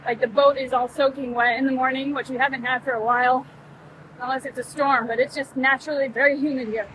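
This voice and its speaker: A woman's voice: sits high, fairly even intonation, fast talker, a bit bright, slight background noise, poor audio. A woman hosting a sailing vlog, chatting casually on location outdoors and laughing easily. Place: outdoors in a humid town.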